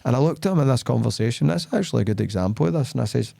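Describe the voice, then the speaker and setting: A man's voice: mid-range voice, racing, vocal fry, dry recording. A man hosting a podcast in casual chat, telling stories bluntly and acting out the dialogue. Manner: animated storytelling, acting out quoted dialogue; blunt, plain-spoken. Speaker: podcast host.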